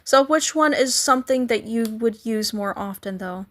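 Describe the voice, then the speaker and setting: A woman's voice: a little high, normal speed, fairly bright tone. A woman live streaming, chatting casually with viewers and playfully trying to pronounce foreign greetings.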